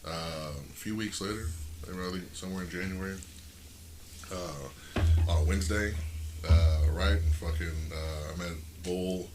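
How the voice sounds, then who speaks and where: Brief: lower-pitched male podcast guest, loose and profane, spins rambling stories, noisy recording. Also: measured pace. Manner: profane, rambling, laughs often. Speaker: podcast guest, pro wrestler. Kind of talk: casual storytelling chat. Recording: noisy background.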